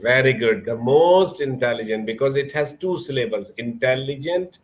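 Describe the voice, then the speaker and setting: Speaking at a normal speed in an expressive, medium-pitched voice, a man teaches an online grammar class. He explains patiently and spells words letter by letter, heard through a computer mic with dull, lo-fi video-call audio.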